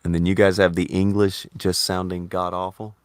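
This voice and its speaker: A man hosting a casual talk show, animated and swearing, his voice jumping up when he argues. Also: moderate pace, smooth, no echo, studio quality. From Indiana. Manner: animated, swearing, jumps up in pitch when arguing. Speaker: podcast host. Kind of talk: casual chat.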